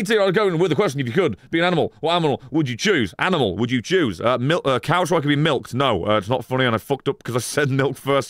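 Rambling swearing streamer man, lively pitch. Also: no room sound, clean studio sound. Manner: rambling, swearing, laughing between thoughts. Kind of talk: casual live stream chat.

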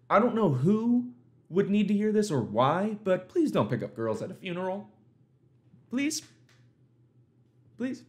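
A man's voice: sits high, big pitch swings, unhurried, long pauses, soft background music. A young man doing comedic reaction commentary, incredulous and swearing often, laughing at the clips. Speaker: commentary YouTuber.

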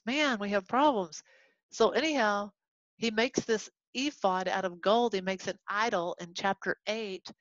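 Animated woman teaching a Bible class. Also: fairly high pitch, no room sound. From Texas. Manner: animated, acts out quoted voices, chatty asides. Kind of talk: casual Bible lesson to a class. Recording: dull lo-fi recording.

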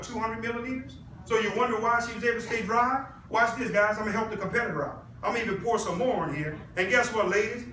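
A bright, high-voiced man pitches a product live to an audience, persuasive and constantly quizzing the crowd. He is picked up from some distance in an echoey room with faint background noise. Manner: persuasive, addresses the audience with questions. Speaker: product presenter.

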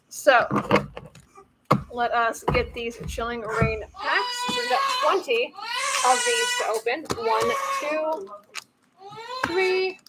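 A woman hosting a live card-opening stream from home, chatty and apologetic, often breaking off to soothe a baby. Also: fairly high pitch. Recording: loud background noise with a crying baby.

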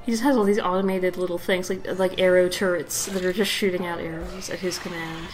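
A woman's voice: fairly low pitch, little pitch movement, brisk, music in the background, low-quality recording. A young woman giving casual gameplay commentary, rambling with lots of fillers and giggles. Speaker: let's play host.

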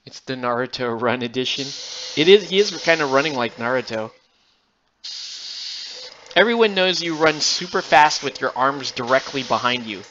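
A man's voice: medium pitch, animated, moderate pace, lo-fi sound, background noise. A man hosting a miniature painting channel, chatting casually and sarcastically while he paints. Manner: rambling, self-amused, sarcastic.

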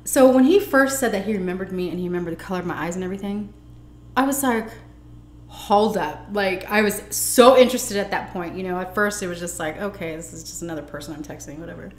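A fast-talking young woman from the United States, her pitch fairly low, speaks in an echoey room. She vlogs while eating, animatedly recounting a personal story and acting out the dialogue.

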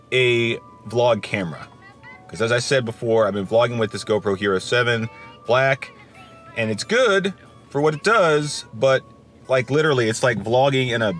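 A man's voice: medium pitch, fairly bright tone. A man chatting casually into a handheld camera as he goes about his day, rambling and interrupting himself. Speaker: vlogger. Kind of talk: casual vlog chat. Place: outdoors, in a car, and in a store. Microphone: handheld action camera. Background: lofi music.

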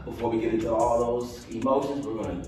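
A man leading a kids' yoga lesson on a video call, hyping the children up, then guiding slow breathing in a soft voice. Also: mid-range voice, fairly even intonation. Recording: echoey room, far from the mic.

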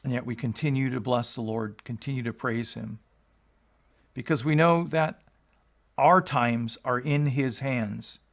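Gravelly-voiced male pastor teaching scripture. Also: mid-range voice, steady tone, measured pace. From United States. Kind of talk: scripture reading and exposition.

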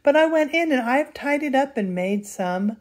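A gentle, cheerful young princess with a sweet voice pitched well up high, as a grandma reading aloud puts her on. she talks kindly and brightly, like a storybook heroine. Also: lively intonation, moderate pace.

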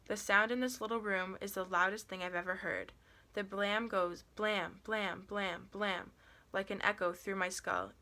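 A woman reading a first-person audiobook in a plain, steady storytelling manner. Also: medium pitch. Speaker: audiobook reader.

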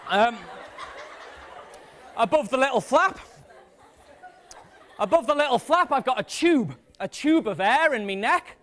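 A man presenting a comic science demonstration on stage to a live audience, energetic and self-mocking. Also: very high-pitched, measured pace, long pauses, a faint crowd.

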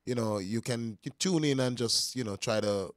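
A laid-back, soft-spoken man appearing as a guest on a studio talk show. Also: mid-range voice, moderate pace, no room sound. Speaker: guest musician. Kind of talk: casual interview.

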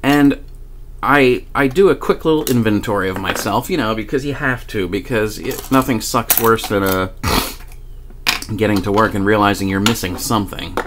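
A man vlogger telling a personal story in a casual, animated way, swearing freely and laughing often. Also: lowish voice, normal speed, background noise.

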